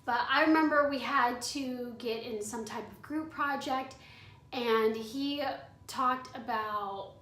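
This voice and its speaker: A woman in her twenties tells a candid storytime vlog in a fairly high, fairly bright voice at a slow pace. She's chatty and says "like" constantly, and the audio is echoey because she's away from the mic.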